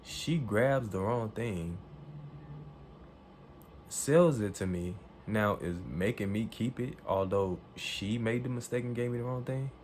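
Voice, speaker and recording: A man with a low, warm, mellow voice tells a story in an animated and emphatic way. He swears freely and acts out the lines people said. A faint hiss sits behind him. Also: a little slow. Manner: profane, emphatic, acts out quoted dialogue.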